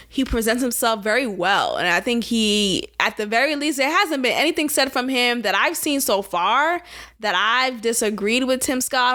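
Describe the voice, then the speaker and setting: A young woman talks through a podcast segment in casual, animated commentary. Her voice sits high and sounds bright and forceful. She is sarcastic and laughs easily. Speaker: podcast co-host.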